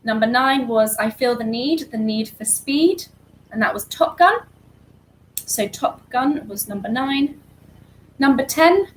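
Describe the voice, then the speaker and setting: A woman co-hosting an online charity quiz, reading answers briskly and lightly. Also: a little high, a little hiss or hum, poor audio. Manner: brisk, light, laughs easily. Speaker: quiz co-host.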